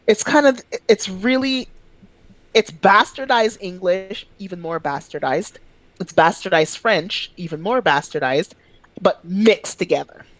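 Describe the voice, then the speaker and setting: A woman from Quebec chatting on a podcast, telling animated stories with sudden high-pitched outbursts and swearing freely. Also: a little slow, dry recording, rough recording. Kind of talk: casual chat.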